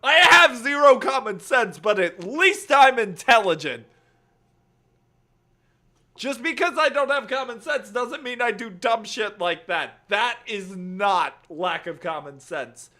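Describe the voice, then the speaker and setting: A man's voice: sits high, takes it slowly. A young man streaming a game, chatting casually, cursing and laughing often. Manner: profane, excitable, laughs often. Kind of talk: casual gaming stream chat.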